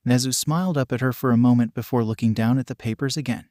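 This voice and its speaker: A man narrating a fan story in a steady, even reading voice. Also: mid-range voice, fast talker, no echo, clean studio sound. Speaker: fanfiction narrator.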